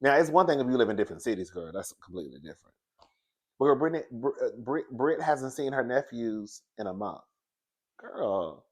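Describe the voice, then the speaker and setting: A man giving casual commentary on a reality show in an animated, chatty way, laughing often and calling the listener girl. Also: mid-range voice, a little fast. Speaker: reality TV reviewer.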